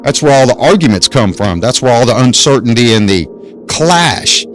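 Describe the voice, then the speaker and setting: Guy doing a solo podcast lecture, really lively up and down voice, keeps asking questions and repeating himself. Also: mid-range voice, moderate pace, faint music behind, low-quality recording. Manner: emphatic, repetitive, rhetorical questions. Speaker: podcast host. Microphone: desk mic on a stand.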